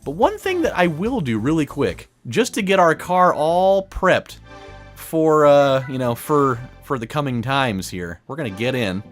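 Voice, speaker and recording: A man's voice: fairly high pitch, big pitch swings, measured pace, soft background music. A man casually commenting on his racing game, rambling through a story full of "like" and "you know". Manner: rambling, storytelling, frequent fillers. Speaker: let's play host.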